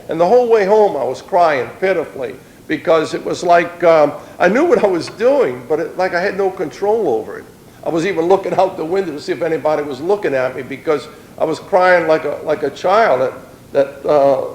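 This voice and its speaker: A man's voice: fairly high pitch, lively intonation, normal speed, roomy sound, low-quality recording. A middle-aged man, giving a plain-spoken personal testimony in an earnest storytelling way.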